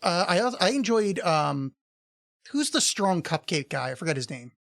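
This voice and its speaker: A man's voice: high voice, big pitch swings, moderate pace, vocal fry, a bit bright, no echo, studio quality. A middle-aged man co-hosting a podcast, telling rambling stories in casual chat, laughing often and swearing freely. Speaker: podcast co-host.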